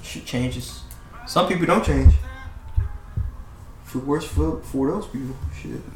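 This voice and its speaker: A man's voice: mid-range voice, slow pace, recorded from a distance, noisy background. Laid-back young male co-host, roomy echo. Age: 20s. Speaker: podcast co-host. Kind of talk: casual podcast chat.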